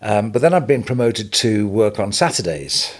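An older English man, a retail businessman, telling stories as a guest on an interview podcast, animated and chuckling as he goes. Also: fairly low pitch, normal speed. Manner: animated anecdotal storytelling, chuckling. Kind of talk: storytelling interview.

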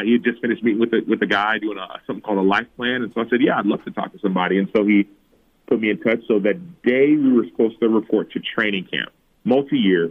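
In an interview over a tinny, phone-like remote line, a former football player in his thirties shares personal stories. He acts out quoted lines in a higher voice.

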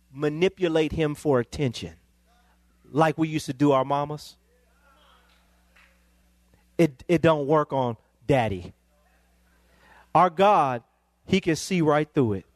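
Man, pastor, sermon, fervent emphatic peaks, slightly high voice. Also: no room sound. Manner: rising to excited emphatic peaks.

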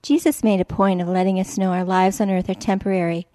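Woman, devotional reader; calm, measured scripted reading, dark mellow tone, dry recording. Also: medium pitch, no echo.

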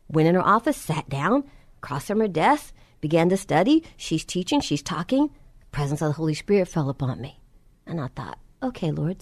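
Woman preacher, higher voice with a wide swinging pitch, tells testimony and plays every part of the dialogue. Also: no room sound, studio quality. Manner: storytelling, acts out both sides of dialogue, drops soft and low for reverent moments. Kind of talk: sermon with personal testimony.

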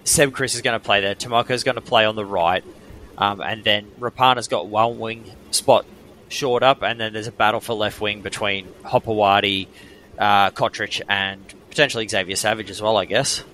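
A man's voice: fairly low pitch, steady tone, moderate pace, bright, forceful tone, slight background noise. A man with an Australian accent, co-hosting a sports podcast and giving firm, opinionated takes with frequent ums. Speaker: podcast co-host. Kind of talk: casual sports chat.

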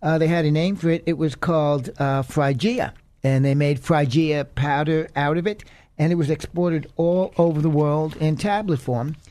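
A man's voice: on the high side, steady tone, moderate pace, a little mellow, dry recording. Earnest male radio Bible teacher. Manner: earnest, conversational, with fillers.

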